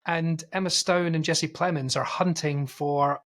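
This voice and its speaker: A man co-hosting a film podcast, casually retelling a film's plot in a rambling, animated way and acting out quotes. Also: on the high side, measured pace. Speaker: podcast co-host.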